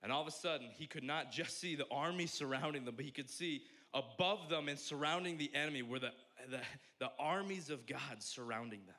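Bright-voiced animated male pastor. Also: a little high, fairly quick, few pauses. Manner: animated storytelling, acts out voices. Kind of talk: sermon.

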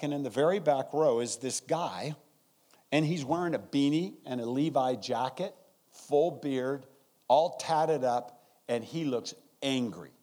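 A man and guest pastor preaching a sermon in a church service, acting out his stories. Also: medium pitch. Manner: animated storytelling, acting out scenes.

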